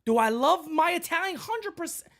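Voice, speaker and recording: Bronx-accented man, co-host, brash casual rant, very animated pitch. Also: normal speed. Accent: Bronx New York. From the Bronx, New York. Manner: brash, swears freely, rants loudly. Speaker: co-host of a fan show. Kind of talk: casual chat.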